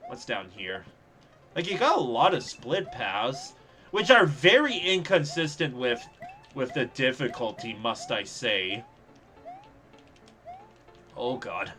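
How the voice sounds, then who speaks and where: A young man giving live, sarcastic gameplay commentary as he streams, reacting fast and laughing at his own mishaps. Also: medium pitch, big pitch swings, pushed and bright. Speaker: streamer playing a level contest.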